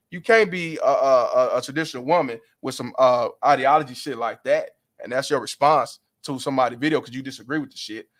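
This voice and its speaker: A man's voice: fairly high pitch, fairly bright tone. A man hosting a livestream, ranting bluntly and profanely in heated commentary. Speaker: livestream host.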